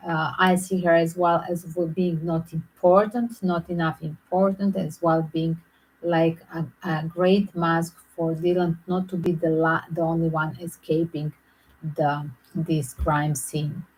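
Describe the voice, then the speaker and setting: A woman hosting her own channel, giving speculative true-crime commentary in a halting way, repeating and restarting phrases as she thinks aloud. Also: low-pitched, level tone, darkish tone, breathy edge, rough recording. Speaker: channel host.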